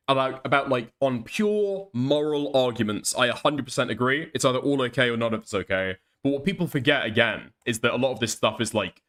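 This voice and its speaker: A man's voice: mid-range voice, fairly bright tone. A young man streaming commentary, ranting casually with lots of swearing and pushy "okay?" tags. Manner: profane, emphatic, repeats "okay?" to press points. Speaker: streamer reacting to clips.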